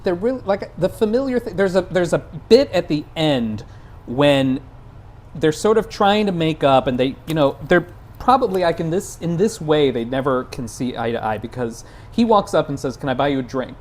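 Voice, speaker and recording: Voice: medium pitch, animated, moderate pace, a little mellow. A film podcast co-host chatting casually, searching for words with lots of fillers and restarts. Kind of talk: casual chat.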